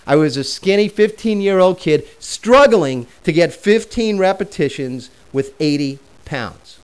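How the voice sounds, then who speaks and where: A man's voice: high voice, lively intonation, unhurried, clear, resonant tone. A man in his forties telling a personal story in a conversational way while teaching a self-help lesson. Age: 40s.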